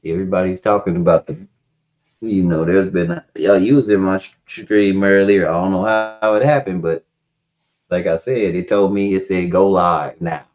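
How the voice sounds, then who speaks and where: Low-voiced man on a lo-fi stream. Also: steady tone, normal speed. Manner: loose, rambling storytelling. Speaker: live stream host. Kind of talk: casual chat. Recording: dull lo-fi stream audio.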